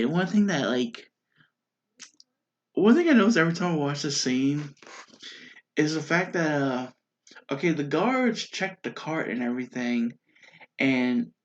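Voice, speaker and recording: A man talks through a show review in a loose, excited way, trailing off and restarting his thoughts often. His voice sits at a medium pitch. The recording sounds a bit dull and lo-fi. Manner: rambling and chatty, with many fillers and restarts; excited and enthusiastic. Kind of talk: casual spoken review.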